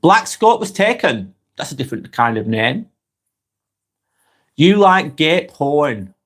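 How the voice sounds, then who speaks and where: A man with a Lancashire accent, hosting a calm live stream, reading viewers' comments aloud and chatting back in an unhurried way with lots of ums and restarts. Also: a little high. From North West England. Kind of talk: casual live-stream chat.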